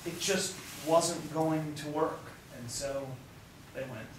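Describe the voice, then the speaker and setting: Hoarse man giving an impassioned tour. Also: a little high, takes it slowly, a little hiss or hum. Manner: impassioned, preachy and emphatic. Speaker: tour guide. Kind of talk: outdoor tour talk to a group. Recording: distant, echoey outdoor recording.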